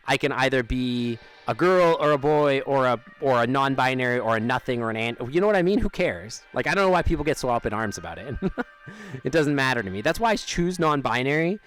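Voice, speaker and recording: A man's voice: mid-range voice, animated, a little fast, fairly bright tone, smooth. Rambling, giggly man chatting on stream. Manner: rambling, laughs often, trails off mid-sentence. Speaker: livestreamer. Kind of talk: casual live-stream chat. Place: outdoors near an amphitheater.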